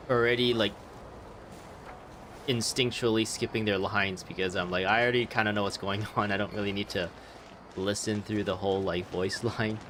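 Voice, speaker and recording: A game streamer chats casually over game audio, rambling and laughing often. His voice is lowish and fairly bright, with fairly even intonation, a moderate pace, and slight background noise.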